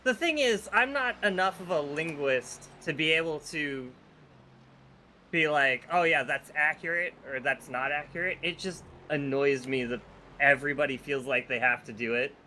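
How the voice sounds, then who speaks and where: A man streaming a sim endurance race, chatting casually with teammates, blunt and quick to swear. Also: on the high side, bright, forceful tone, a little hiss or hum. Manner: blunt, swears freely, laughs often. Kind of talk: casual chat while sim racing.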